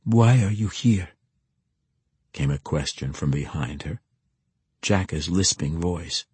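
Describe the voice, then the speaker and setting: Male narrator, audiobook, steady measured delivery, husky voice, low pitch, dry close sound. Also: dry recording.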